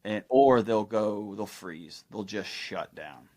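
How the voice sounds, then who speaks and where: A middle-aged man explaining ideas as a podcast guest, telling stories in a lively way and acting out the people he quotes. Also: on the low side, takes it slowly. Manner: animated storytelling, acts out quoted people. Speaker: guest expert. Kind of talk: conversational explanation.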